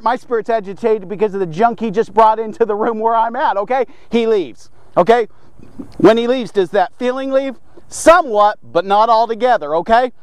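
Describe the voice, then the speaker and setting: A man's voice: very high voice, no echo. A man giving an emphatic devotional sermon, often stopping to check in with his listeners. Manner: emphatic, keeps checking in with "okay?" and "watch this". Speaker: devotional preacher.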